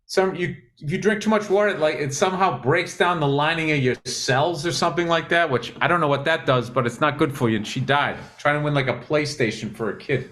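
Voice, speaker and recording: Podcast guy, voice a bit on the high side, blunt and sweary, dry way of telling stuff. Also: fairly quick, few pauses, a bit bright. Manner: blunt, profane, dry storytelling. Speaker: podcast co-host. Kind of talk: casual chat.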